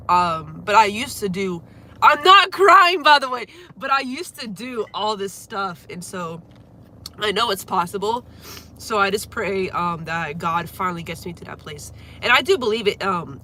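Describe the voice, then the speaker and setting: A woman's voice: on the low side, pushed and bright, a little hiss or hum. Young woman with a cold, chatty. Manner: chatty, rambling, apologetic. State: has a cold, congested and coughing. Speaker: livestreamer and singer. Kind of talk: casual livestream chat. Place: at home.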